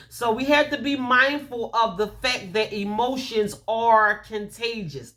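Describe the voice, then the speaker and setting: A woman gives a casual motivational talk, telling stories and throwing in lively quoted asides. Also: fairly high pitch, normal speed, hardly any pauses. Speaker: host.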